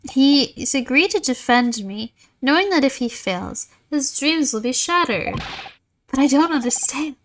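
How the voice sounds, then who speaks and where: A woman's voice: high-pitched, expressive, unhurried, a little hiss or hum. A woman reading aloud the lines of an earnest young man from a visual novel, puzzled and questioning.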